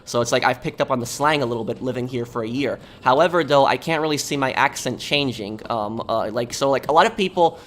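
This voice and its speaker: A man's voice: medium pitch, a bit bright. Rambling man. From New York. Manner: rambling, halting, repeats words while thinking. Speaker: game streamer. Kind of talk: casual chat while gaming.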